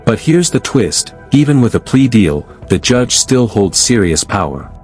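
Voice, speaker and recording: A man's voice: fairly low pitch, sing-song, a little slow, a little mellow, soft background music. A man giving scripted narration over court footage, dramatic and building suspense.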